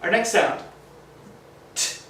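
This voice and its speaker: A man with a sharp tone takes children through phonics letter by letter, speaking slowly and praising them along the way. The mic is distant, the room echoes, and there's a little hiss or hum.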